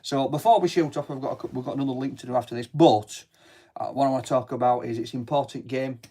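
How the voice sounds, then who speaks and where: A middle-aged man from Barnsley with a broad Yorkshire accent, chatting on local radio. He talks in a jokey, easygoing way at an ordinary pitch for a man, full of banter and dialect. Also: fairly even intonation, fast, warm tone, breathy edge. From Barnsley, England. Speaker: radio co-host. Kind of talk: casual radio chat.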